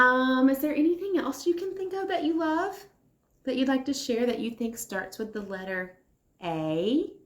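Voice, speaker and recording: A woman teacher leading circle time for young children. She talks slowly and encouragingly, pausing as if for little ones to answer. Her voice rings a little in an echoey room. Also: on the high side, a bit bright. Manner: slow, encouraging, replies to imagined children's answers. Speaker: kindergarten teacher.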